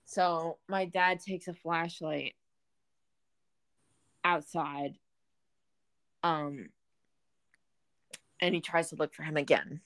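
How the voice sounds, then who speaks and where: A young woman with a lowish voice chats casually and spins a story at an easy pace. She leans on fillers like "um" and "like" as she goes. The sound is close and dry, with no room around it. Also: slow, pauses often, no room sound. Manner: relaxed storytelling, many fillers. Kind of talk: casual chat.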